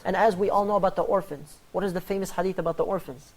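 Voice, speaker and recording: A man hosting a religious panel talk on charity, telling stories in an animated way and acting out the quoted lines. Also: sits high, quick pace, gravelly, slight background noise. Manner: animated storyteller, acts out quoted dialogue. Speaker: host.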